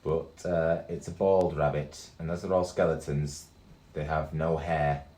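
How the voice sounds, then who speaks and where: A man reading a story aloud to children, animated and full of gasps and exclamations. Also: extremely low pitch, a little slow. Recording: echoey room with faint guitar.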